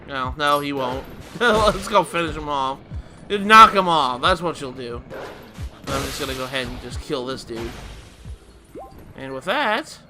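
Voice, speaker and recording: A man's voice: medium pitch, lively intonation, a little slow, long pauses, music in the background. Chuckling man narrating a game. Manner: rambling, chuckling explanations with restarts. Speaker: let's play host. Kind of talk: casual gameplay commentary.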